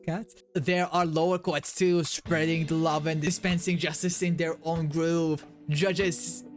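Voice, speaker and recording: Brief: a man playing a groovy stoner hippie, drawling and slangy, slightly higher voice, faint music under. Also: level tone, unhurried, lightly acted. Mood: laid-back.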